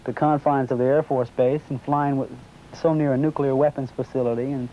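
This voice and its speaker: In a muffled lo-fi recording with faint background noise, a man with a mid-range, slightly fast voice is interviewed about a sighting. He tells a long personal story casually and animatedly, acting out the dialogue he remembers.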